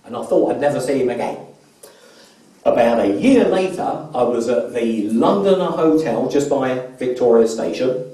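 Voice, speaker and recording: A man's voice: medium pitch, lively intonation, normal speed, mellow. A man giving a motivational training seminar to a live audience. He keeps polling the crowd with questions and often repeats a word as he starts a phrase. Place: large convention hall. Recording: echoey hall, voice from far off.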